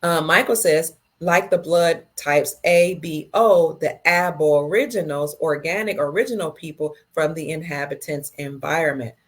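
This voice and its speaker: Her voice sits low as this middle-aged woman works through viewer comments on a casual livestream, reading them out and replying in a slow, tender way.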